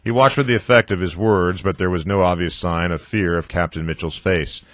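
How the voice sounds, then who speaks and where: A low-voiced man reads from a novel on the radio in a halting way, tripping over words, restarting and using filler sounds as he corrects himself. The audiobook-style reading has no echo.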